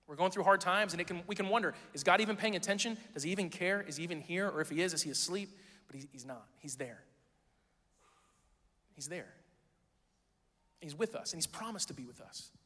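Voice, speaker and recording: A man delivers a sermon from a church pulpit, his voice high for a man. He talks casually and teases the congregation, rising loud on key lines and sinking almost to a hush. The sound carries a long hall reverb. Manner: conversational and joking, swinging from loud to hushed. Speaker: pastor. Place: church sanctuary.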